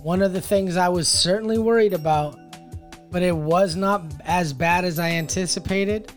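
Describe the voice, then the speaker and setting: A man's voice: high voice, moderate pace, faint music behind. A man co-hosting a casual film review chat, rambling and filling his talk with likes and ums.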